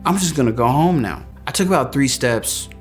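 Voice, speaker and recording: A man tells a personal story in a plain, matter-of-fact manner, speaking fairly quickly at a medium pitch with an animated delivery. Faint music plays in the background.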